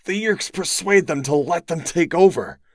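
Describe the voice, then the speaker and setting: An earnest, thoughtful teenage boy explains in a raised, careful voice, as a man puts him on above his own deep register. The dry, close recording keeps it intimate. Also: lively intonation, normal speed, no echo. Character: Tobias, earnest teenage boy trapped as hawk. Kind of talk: solo audiobook acting.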